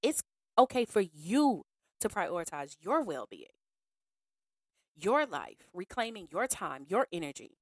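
A woman hosting a podcast in a casual monologue, frank and slangy, acting out other people in an animated way. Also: on the low side, measured pace, pauses often, no echo, studio quality. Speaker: podcast host.

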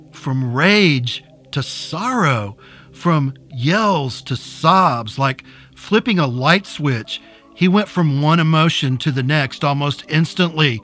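Male storyteller and host; measured, deliberate, slightly higher voice. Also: lively intonation, bright, forceful tone, faint music behind. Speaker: narrator and host. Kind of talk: scripted story narration.

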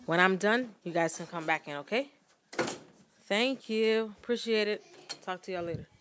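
There is background noise as this woman, a vlogger, speaks at normal speed in a mid-range voice. Talking frankly to camera from her home, she earnestly and emphatically offers viewers advice on living out faith at work.

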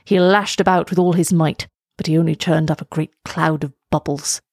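Storybook: woman doing a tired old male turtle, low, measured, explanatory, dry sound. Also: steady tone, a little mellow, no echo. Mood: weary, explaining. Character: weary old male sea turtle, patient and wise. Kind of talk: storybook reading.

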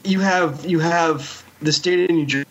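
A man's voice: a little high, fairly even intonation, measured pace. A man from New Jersey with a Central Jersey accent, co-hosting a podcast in an easygoing, chatty way. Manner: easygoing, chatty explainer, swears casually. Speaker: podcast co-host. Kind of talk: casual chat. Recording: dull lo-fi mic, faint hiss.

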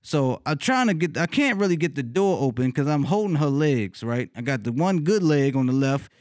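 A man casually telling a funny personal story, cursing freely, laughing often and leaping up in pitch when he retells his reactions. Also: sing-song, moderate pace, a little mellow, no room sound, clean studio sound. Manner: laughs often mid-sentence.

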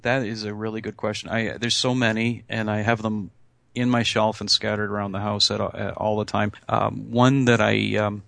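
A man answering interview questions as a podcast guest, pausing often with ums and restarts. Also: on the low side, level tone, creaky, a bit bright, dry recording. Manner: hesitant, many ums and restarts. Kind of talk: casual interview.

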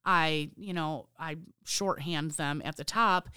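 A woman's voice: low voice, takes it slowly, bright, forceful tone, smooth, dry recording, studio quality. A woman talking casually as a guest about her merchandising job, swearing freely and telling stories with energy. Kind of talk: casual chat.

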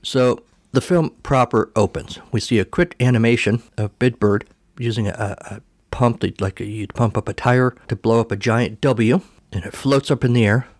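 A man's voice: mid-range voice, moderate pace, no room sound. A man hosting a podcast, recapping a film casually in a rambling, self-correcting way. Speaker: podcast host.

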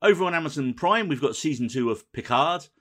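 A man hosting a casual podcast, rattling off the rundown at a brisk clip. His voice is bright and forward, and he teases his co-host drily between items. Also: a little high, expressive. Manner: quick, dry and teasing, running the episode rundown.

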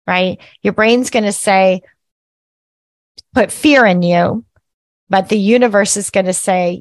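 A woman's voice: mid-range voice, a little slow, long pauses, dry recording. Chatty woman spiritual teacher, dry sound. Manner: chatty, often ends with "right?"; lively, laughs at herself. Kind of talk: casual teaching monologue.

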